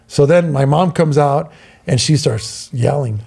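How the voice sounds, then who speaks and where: At a measured pace, this middle-aged man from Southern California speaks in a high-ish, gravelly, slightly rough voice. Co-hosting a podcast, he casually recounts a long story and animatedly acts out the voices of its people.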